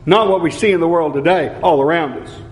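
Middle-aged guy preaching, kinda high-pitched, earnest, slows way down to hit his points. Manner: earnest, slows down for emphasis, repeats key phrases. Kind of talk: sermon.

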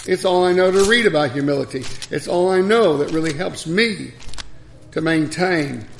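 Folksy older male preacher, gravelly. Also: high-pitched. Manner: folksy storytelling with scripture reading. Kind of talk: sermon.

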